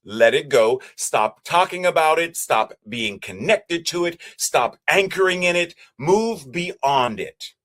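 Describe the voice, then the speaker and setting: Slow, measured male preacher. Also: a little high, expressive, a bit bright. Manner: measured, repetitive preaching cadence. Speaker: minister. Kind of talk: sermon.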